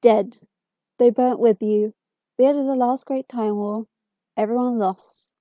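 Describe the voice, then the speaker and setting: An excitable, mocking male alien time traveller, as a woman reading aloud plays him. The voice sits a little high, mellow and close, lifting on his jibes. A storybook hero with a sharp tongue. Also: measured pace, no echo, lightly acted. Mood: grim.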